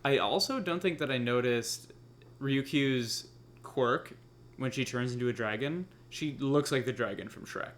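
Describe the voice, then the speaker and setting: A man's voice: medium pitch, a little slow, fairly bright tone, slight background noise. A man co-hosting a casual anime discussion podcast, laid-back and loose, cursing now and then and filling his talk with "like" and "you know". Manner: laid-back, swears casually, lots of fillers. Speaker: podcast co-host. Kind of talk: casual chat.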